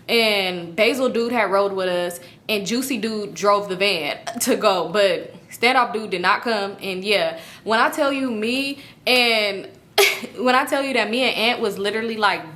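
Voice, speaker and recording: A young woman vlogger telling a casual storytime to her viewers, animated and profane, with laughing asides. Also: mid-range voice.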